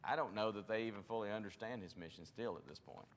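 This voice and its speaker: A man's voice: fairly low pitch, fast talker, big-room sound, slight background noise. A man leading a Bible study, teaching conversationally, often restarting his sentences and acting out quotes. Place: church classroom.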